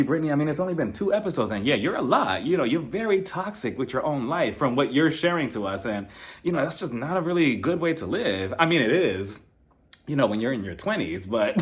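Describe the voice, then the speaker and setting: A young man giving a casual, opinionated recap of a reality show, acting out quotes and laughing as he mocks the cast. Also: on the high side. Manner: animated, mocking, acts out quotes with laughs.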